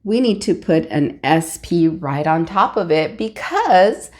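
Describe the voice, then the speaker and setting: Woman teacher, patient step-by-step lesson, slow pace, lively rising and falling pitch. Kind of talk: classroom lesson.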